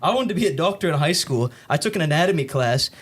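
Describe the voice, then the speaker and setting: A young man hosting a podcast, chatting casually and swearing freely as he tells animated stories. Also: fairly high pitch, fast talker, husky. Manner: profane, storytelling, animated.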